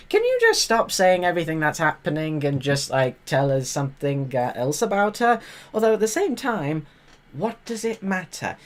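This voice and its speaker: A woman's voice: wildly swooping pitch, moderate pace. A woman giving sarcastic, exasperated commentary as a live streamer reacting to a TV show. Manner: sarcastic, exasperated, jumps into loud high exclamations.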